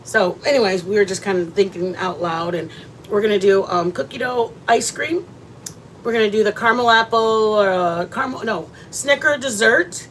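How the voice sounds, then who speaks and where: A woman's voice: medium pitch, normal speed, fairly bright tone, a little hiss or hum. A woman, chatting casually with her viewers as she hosts a cooking livestream, rambling from one thought to the next. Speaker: livestream host.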